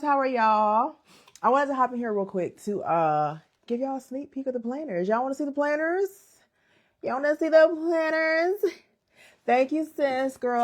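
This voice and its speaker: A young woman chatting casually to her viewers on a livestream, calling them y'all and sis. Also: mid-range voice. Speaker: content creator going live.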